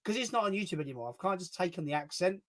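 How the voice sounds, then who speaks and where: A man's voice: high-pitched, animated, very fast, a crowd in the background, low-quality recording. A man co-hosting a casual stream, chatting in a rambling, sweary way. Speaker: stream co-host. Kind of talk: casual chat. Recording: loud background noise.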